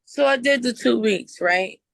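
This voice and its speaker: A woman calling into a sobriety call with a hoarse, strained voice, speaking frankly and earnestly. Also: on the high side, unhurried. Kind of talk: candid personal sharing.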